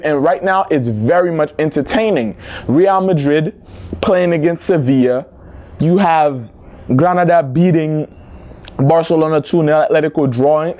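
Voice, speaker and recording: A man hosting a football news vlog, talking to viewers in a lively, slangy, casual way. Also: sits high. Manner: animated, slangy, talks straight to viewers.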